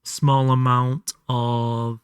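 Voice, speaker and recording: Male livestreamer, mid-pitched voice, chatty and self-mocking, close dry sound. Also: little pitch movement, drawn-out words, clear, resonant tone, no room sound. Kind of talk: casual live gameplay commentary.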